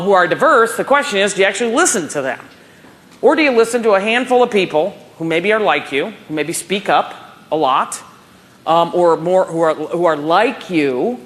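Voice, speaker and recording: A woman in her forties giving a motivational keynote at a professional conference, telling stories and acting out dialogue. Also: fairly low pitch. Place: conference hall stage.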